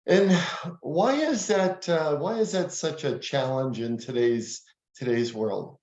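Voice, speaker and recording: A man's voice: a little high, slow, a little mellow. Hesitant male interviewer, roomy lo-fi sound. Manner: hesitant, repeats words when asking. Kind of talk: interview questions.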